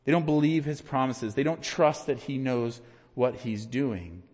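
A man preaching a sermon, swinging from loud emphatic peaks to hushed, quiet questions. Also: medium pitch, a little slow, long reverb tail. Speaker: pastor.

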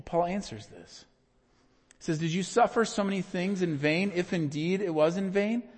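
A man preaching a sermon, swinging from loud emphatic peaks to hushed, quiet questions. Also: high-pitched, big-room sound. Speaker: pastor.

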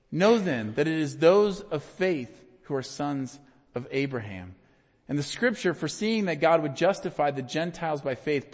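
A man preaching a sermon, swinging from loud emphatic peaks to hushed, quiet questions. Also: on the high side, in a large hall. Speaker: pastor.

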